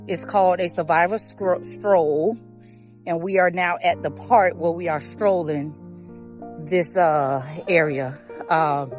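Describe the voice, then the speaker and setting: A woman's voice: fairly low pitch, slow. A woman vlogging live on a phone as she walks an outdoor trail at a charity event. She is a little out of breath and chats in a rambling way, with many fillers. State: out of breath while walking. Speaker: vlogger filming a live stream. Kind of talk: casual live-stream commentary. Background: live music.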